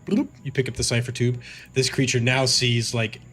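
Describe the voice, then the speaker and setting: Male game master, casual rambling narrator, mid-pitched, faint music underneath. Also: flat delivery, normal speed, a bit bright. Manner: casual and rambling, many fillers and restarts. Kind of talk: narrating a tabletop game livestream.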